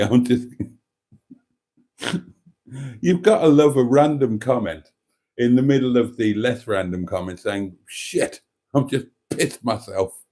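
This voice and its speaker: A man's voice: medium pitch, warm tone. A man hosting a casual livestream, reading viewer comments aloud with wry, camp asides and frequent laughter. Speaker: livestream host reading chat. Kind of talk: casual live chat.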